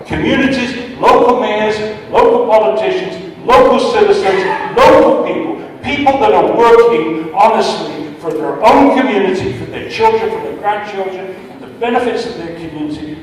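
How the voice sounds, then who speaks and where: A man's voice: high-pitched, animated, normal speed, hardly any pauses. An older man, a retired chemist, giving an impassioned public talk, repeating words for emphasis and stumbling over his starts. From United States. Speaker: guest speaker, retired chemist. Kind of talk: public talk with audience questions. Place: large indoor hall. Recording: echoey hall from far off, faint noise.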